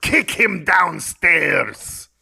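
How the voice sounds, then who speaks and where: A man's voice: high-pitched, sing-song, drawn-out words, creaky, pushed and bright, slightly rough. A man playing in a tabletop game, describing his attacks in an enthusiastic, theatrical way. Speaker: player.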